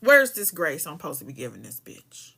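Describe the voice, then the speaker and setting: A woman's voice: low-pitched, big pitch swings, fairly quick, gravelly, bright, forceful tone, husky. A woman hosting a podcast, reading a legal filing aloud and breaking off into profane, heated commentary. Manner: profane, heated, emphatic asides between read passages.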